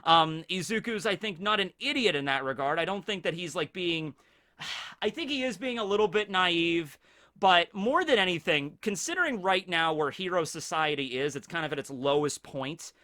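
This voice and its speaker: A man's voice: sits high, lively intonation, moderate pace, sharp tone. A man hosting a casual anime review, talking energetically and chuckling between his points.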